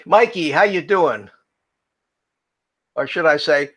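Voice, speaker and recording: A man's voice: a little high, slow pace, a bit bright. A man co-hosting a live drone chat stream, chatty and laughing often as he greets viewers by name.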